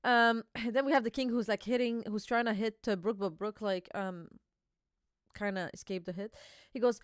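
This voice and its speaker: A woman's voice: on the high side, steady tone, normal speed, clean tone, no room sound, clean studio sound. A young woman hosting a live reaction stream, chatty and giggly, reading dialogue aloud.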